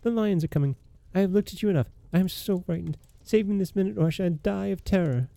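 A man's voice: sits high, fast, creaky, dark tone, no room sound, pitched above the performer's own voice. A man voicing a proud young princess who pleads in a raised, breathless voice. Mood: terrified.

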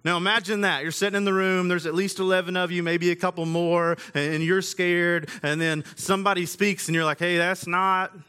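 A man's voice: high-pitched, flat delivery, a little fast, hardly any pauses, pushed and bright, clean tone. A man preaching a sermon in a casual, conversational way, with everyday slang. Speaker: pastor.

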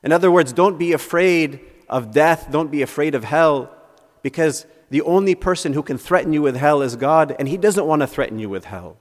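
A man's voice: fairly high pitch, moderate pace, big-room sound. A male priest giving a reflective homily, posing rhetorical questions and repeating words as he thinks aloud.

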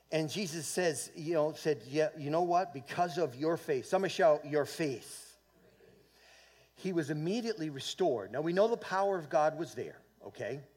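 A man preaching a church sermon, rising into loud fervent swells and calling for amens, often repeating and restarting words. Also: fairly high pitch, expressive, normal speed, breathy edge. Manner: fervent preaching with swells of volume and call-and-response. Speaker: pastor. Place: church sanctuary.

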